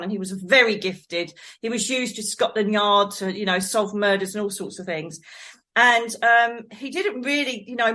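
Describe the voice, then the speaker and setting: A middle-aged woman from England, a psychic medium guest telling her life story in a rambling, animated way, laughing often. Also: mid-range voice. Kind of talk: conversational storytelling.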